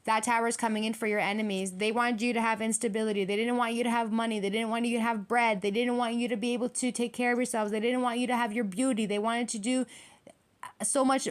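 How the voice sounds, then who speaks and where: A woman's voice: a little high, fairly even intonation, fast talker. A woman giving a tarot reading to her viewers, ranting in a heated, profane and repetitive way. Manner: addresses viewers directly. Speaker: tarot reader.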